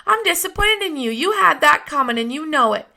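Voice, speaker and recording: A woman's voice: high voice, animated, fairly quick, vocal fry, sharp tone, voice pushed up, exaggerated voice. A woman voicing a stern but kindly grown man who lectures a child in a storybook reading.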